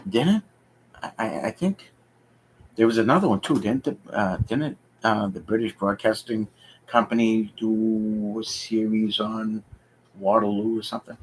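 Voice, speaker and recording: Deep-voiced man rambling on a live stream. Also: measured pace, slight background noise, rough recording. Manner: rambling, hesitant, thinking aloud with many fillers. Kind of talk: casual live-stream chat. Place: home basement.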